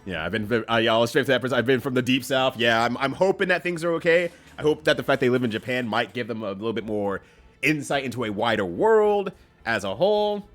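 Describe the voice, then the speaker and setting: Brief: male game streamer, lively swinging pitch, easy laughs, faint music under him. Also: fairly quick. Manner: animated, laughs often, jumps up in pitch for quoted voices. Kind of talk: casual chat while playing a game. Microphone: streaming mic.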